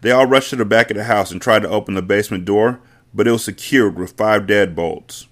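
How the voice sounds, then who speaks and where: A man with a fairly low voice reading a novel aloud in a casual way. He stops often for blunt, swearing asides to his listeners. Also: a little fast. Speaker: podcast host reading a novel. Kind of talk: casual read-aloud with commentary.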